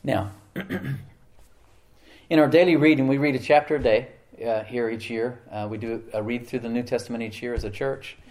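A man's voice: medium pitch, darkish tone. A middle-aged man preaching a sermon as pastor, talking conversationally and often asking the congregation questions.

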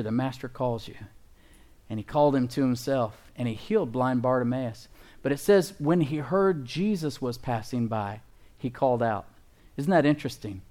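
A male pastor preaching a sermon in an emphatic way, often calling out to his congregation for an amen. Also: medium pitch.

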